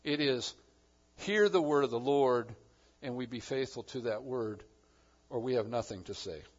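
A man preaching a sermon, swinging between loud emphasis and quiet asides. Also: medium pitch, moderate pace, highs cut off. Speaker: pastor.

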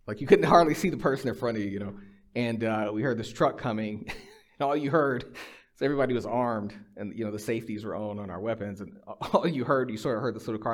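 A man's voice: mid-range voice, fast. A middle-aged man preaching a sermon, mixing personal storytelling, dry humor and emphatic, conversational exhortation. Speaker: pastor.

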